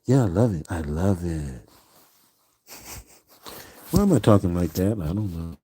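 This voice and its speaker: A man's voice: low-pitched, animated, takes it slowly, warm tone, slightly rough. A man chatting casually on his live stream, rambling and musing aloud with frequent "you know"s.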